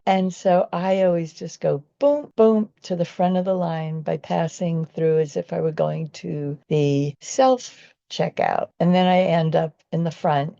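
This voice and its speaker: A woman's voice: lowish voice, gravelly, warm tone, no echo, dull audio. A woman and vegan activist telling a personal story in an earnest, rambling way, often restarting her sentences.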